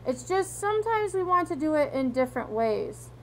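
A woman's voice: high voice, very animated, moderate pace, fairly bright tone, a little hiss or hum, pitched above the performer's own voice, full character voice. A woman reading a storybook aloud, voicing a father who jokes and teases his son in a light, playful way. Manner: playful and teasing. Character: joking, playful father driving the family car.

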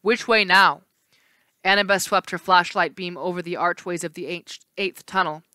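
Woman teacher, novel read-aloud, steady storytelling, clear resonant voice, dry sound. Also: fairly low pitch, a little fast, no room sound. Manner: steady storytelling with small slips and restarts.

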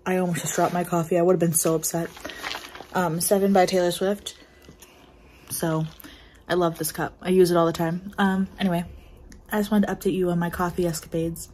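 Bubbly rambling woman vlogger, mellow voice. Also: fairly low pitch, a little hiss or hum, low-quality recording. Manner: bubbly, rambling, many fillers. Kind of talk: casual vlog chat. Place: at home, indoors.

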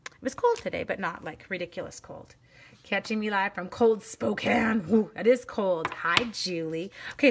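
A woman's voice: medium pitch, fairly bright tone, a little hiss or hum. A woman from Canada in her forties, chatting casually and bubbly as she demonstrates a craft project on a livestream and greets viewers. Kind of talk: casual livestream demo chat.

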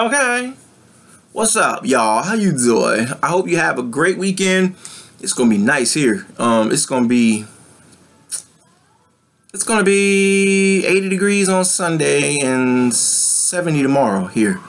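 A man talks straight to his viewers from his computer at home. He is blunt, profane and sassy, then turns heartfelt with thanks. His voice sits at a middle pitch for a man. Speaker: vlogger. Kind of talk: casual vlog chat to viewers.

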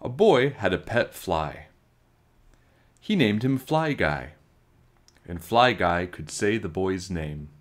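A man reading a children's storybook aloud, with slow, expressive storytelling. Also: low voice. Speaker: children's book reader.

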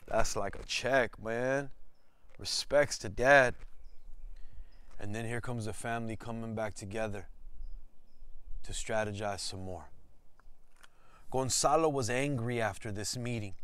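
A man's voice: lowish voice, a little slow, pauses often, a bit bright, smooth, no echo. Man, teacher, storybook read-aloud, enthusiastic, calls out to listeners, dry close sound. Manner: enthusiastic, exclaiming and addressing listeners. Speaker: ethnic studies teacher.

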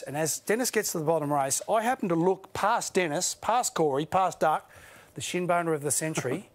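A middle-aged Australian man, a studio guest on a chat show, talking earnestly with halting restarts and laughing through his stories. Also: on the high side, lively intonation. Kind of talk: casual panel chat, storytelling.

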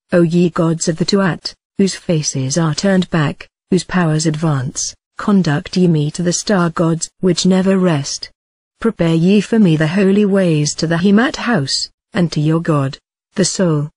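A synthetic text-to-speech voice reading an ancient text aloud in an even recited cadence, even speaking the punctuation. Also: mid-range voice, husky, dry recording. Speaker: audiobook reader. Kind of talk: scripted narration of an ancient text.

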